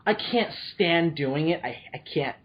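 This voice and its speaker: A man's voice: fairly high pitch, animated, a little slow, highs cut off. A young man hosting a podcast, joking and rambling, with a slight lisp. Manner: joking, self-mocking, rambling. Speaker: podcast host. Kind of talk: casual podcast chat.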